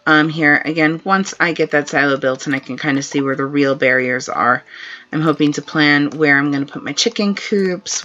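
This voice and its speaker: Low-pitched woman streamer chatting while she plays, crisp voice, muffled lo-fi audio, quiet music behind. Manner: chatty, relaxed, laughs often. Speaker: game streamer. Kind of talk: live gameplay commentary. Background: faint game music.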